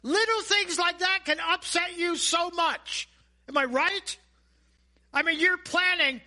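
A man preaching a sermon as a pastor, animated and asking the congregation questions. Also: very high voice. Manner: animated, acts out voices and asides; asks the audience questions.

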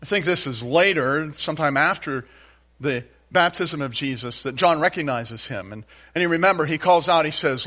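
A man preaching a sermon in a folksy, animated storytelling manner with playful asides. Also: on the high side, normal speed. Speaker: pastor.

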